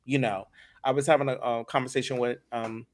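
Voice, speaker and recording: A man talking as a guest in a casual podcast interview, animated and emphatic, often repeating his words. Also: medium pitch, a little fast. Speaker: voice acting director, guest.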